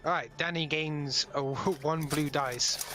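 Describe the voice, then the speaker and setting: A man's voice: fairly high pitch, fairly even intonation, measured pace, over music. A man running a tabletop game as game master, directing the players and narrating the action.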